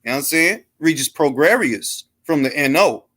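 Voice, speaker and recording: A man's voice: fairly high pitch, lively intonation, moderate pace, a bit bright. A man hosting a boxing talk show, chatting loosely with slang and jokes. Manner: loose, joking, slangy banter. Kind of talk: casual live-stream chat.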